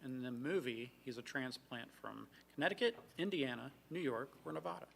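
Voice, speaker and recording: A man's voice: mid-range voice, brisk, vocal fry, fairly bright tone, slight background noise. A man co-hosting a live trivia show, reading out fun facts and chatting between questions. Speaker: trivia co-host.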